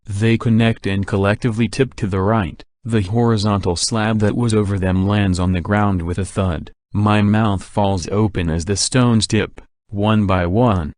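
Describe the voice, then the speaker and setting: A man narrating an audiobook in a steady, even reading. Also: on the low side, no room sound, studio quality. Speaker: audiobook reader. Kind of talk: scripted narration.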